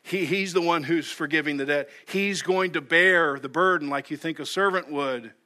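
A man's voice: fairly high pitch, moderate pace, sharp tone. A male pastor preaching a sermon in an earnest way, often repeating words as he starts a sentence. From United States.

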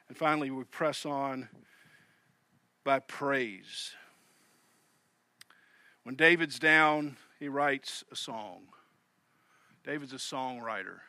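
Male pastor, Southern US accent, animated sermon delivery, bright tone, close and dry. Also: a little high, no room sound. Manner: animated preaching, swings from loud to hushed.

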